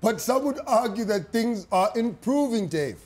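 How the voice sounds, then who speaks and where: A fed-up news anchor, fairly high voice. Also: male voice, animated, moderate pace, a little mellow. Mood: exasperated. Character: straight-laced male news anchor, exasperated. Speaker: comic playing a news anchor. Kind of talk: satirical news sketch.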